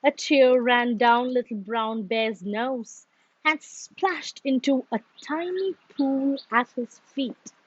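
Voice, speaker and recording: A woman reading a children's storybook aloud in a slow, expressive, sing-song way. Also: high-pitched, dry recording, highs cut off.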